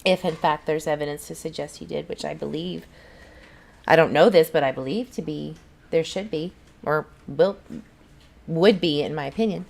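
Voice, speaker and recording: A woman's voice: sits low, normal speed, creaky, darkish tone. A woman, hosting a casual livestream and chatting back to viewers' comments in a rambling way. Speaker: channel host.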